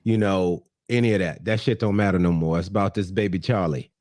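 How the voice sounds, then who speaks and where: A man's voice: low-pitched, fairly even intonation, brisk, darkish tone, no room sound, studio quality. A man co-hosting a podcast, talking bluntly and casually with slang and swearing. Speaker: podcast co-host. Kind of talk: casual chat.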